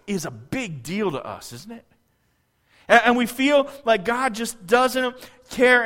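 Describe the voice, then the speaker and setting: A pastor gives a sermon with a fairly high-pitched voice and an easy, conversational delivery. He keeps turning to the congregation with questions and often restarts his sentences. His voice rings out with a long reverb, as in a large church hall. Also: a bit bright.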